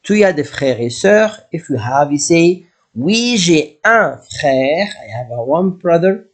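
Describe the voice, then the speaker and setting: A man teaching beginner French, whose first language is Arabic. He explains in English and repeats each French word slowly. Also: on the high side, lively intonation, darkish tone. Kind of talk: slow classroom language lesson.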